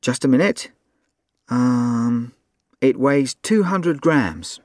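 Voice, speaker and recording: A man's voice: mid-range voice, animated, drawn-out words, a little mellow, no room sound, studio quality. A man acting as a polite, helpful shop assistant and reporter in a scripted textbook dialogue.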